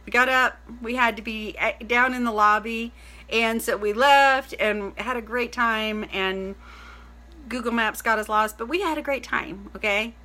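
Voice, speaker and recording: A middle-aged woman, chatting casually to camera in a rambling, excited way, full of "like" and "literally" and greeting viewers by name. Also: fairly high pitch, measured pace. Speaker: vlogger.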